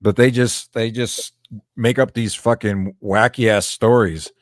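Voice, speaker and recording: A man's voice: lowish voice, fairly even intonation, slow, dry recording, studio quality. A man chiming in on a live stream, blunt and profane. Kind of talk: casual banter on a live stream.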